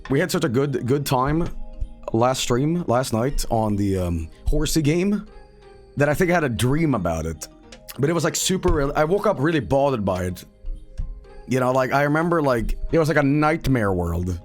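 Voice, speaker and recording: A male streamer in casual chat, telling a rambling story full of swearing. His voice sits in a middle pitch, and he shifts between fast bursts and slower stretches. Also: big pitch swings, faint music behind.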